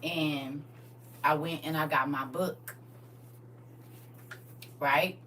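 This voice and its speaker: A woman's voice: sits low, steady tone, extremely slow, bright, forceful tone, recorded from a distance, slight background noise. A woman talking casually and candidly to her audience on a live stream, addressing viewers directly.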